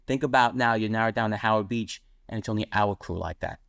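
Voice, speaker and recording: A man's voice: on the low side, creaky, fairly bright tone, dry recording, clean studio sound. A man, telling blunt street stories as a podcast guest. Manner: rapid, blunt street storytelling, voicing other people in quotes. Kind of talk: storytelling in a podcast interview.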